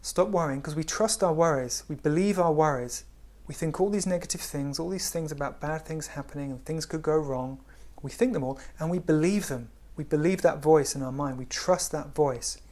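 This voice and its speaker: Gentle, hushed man teaching. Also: fairly high pitch. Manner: gentle, unhurried, often drops to a hush. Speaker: spiritual teacher. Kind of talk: spiritual talk.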